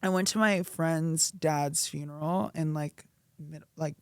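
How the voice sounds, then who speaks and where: A young woman co-hosting a podcast, chatting expressively and quick to react. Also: low-pitched, steady tone, no echo. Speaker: podcast co-host. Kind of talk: casual chat.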